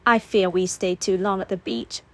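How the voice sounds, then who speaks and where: A woman's voice: medium pitch, steady tone, moderate pace, fairly bright tone, close to an everyday voice. Woman voicing a firm, harried mother. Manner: firm, scolding. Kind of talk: audiobook character voice.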